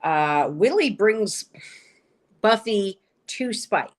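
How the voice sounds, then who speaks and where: A woman's voice: mid-range voice, lively intonation, very slow. A woman co-hosting a podcast, recapping episodes in a rambling, chatty way full of fillers and restarts. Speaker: podcast co-host. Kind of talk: casual chat recapping episodes.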